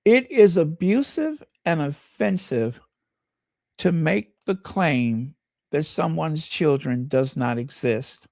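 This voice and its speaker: An American channel host speaks slowly and emphatically in a livestream. The voice is gravelly, with a pitch that swings widely. The sound is dry and close. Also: expressive, a little mellow, no room sound. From United States. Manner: impassioned and emphatic, reads viewer comments aloud. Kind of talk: livestream commentary.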